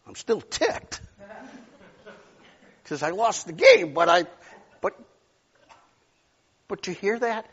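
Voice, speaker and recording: A male pastor preaching a sermon, telling stories and swinging from loud outbursts to near whispers. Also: extremely high pitch, huge pitch swings, slow pace, gravelly, long pauses, husky, muffled recording.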